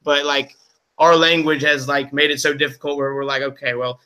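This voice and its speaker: Man with a bright, higher voice. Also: flat delivery, normal speed, clear, resonant tone. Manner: laid-back, rambling, says "like" a lot. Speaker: podcast co-host. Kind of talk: casual sports chat.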